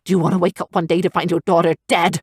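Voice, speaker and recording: A woman narrator voicing a stern, protective male griffin father who speaks in a forceful, commanding way. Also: on the low side, normal speed, gravelly, no room sound, studio quality.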